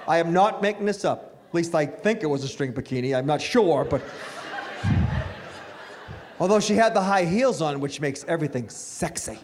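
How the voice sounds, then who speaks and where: A man's voice: a little high, expressive, moderate pace, pauses often, a little mellow, a little hiss or hum. A middle-aged man doing a stand-up comedy set on stage, self-mocking and chatting with the crowd. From Italian-American family.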